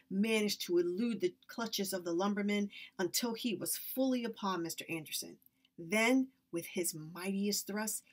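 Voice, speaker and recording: A woman reading a story aloud with expressive, lively narration. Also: mid-range voice. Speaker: reader.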